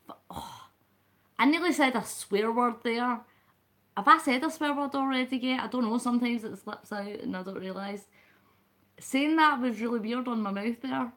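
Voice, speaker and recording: With a fairly high, bright, forceful voice and a moderate pace, a Scottish woman hosts a late-night stream. Her talk is long, casual, and rambling, and she calls out to viewers in the chat by name.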